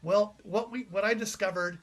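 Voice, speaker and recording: A man's voice: high voice, fairly even intonation, normal speed, fairly bright tone. A man from Canada, a playwright being interviewed, telling anecdotes in a chatty way with frequent restarts. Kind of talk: casual interview chat.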